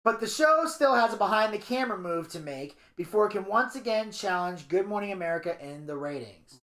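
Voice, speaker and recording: A man co-hosting a podcast, reading a narration aloud and retelling scenes in a crude, animated way. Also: sits high, fairly quick. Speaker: podcast co-host. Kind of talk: casual podcast chat, reading a documentary narration. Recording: echoey room.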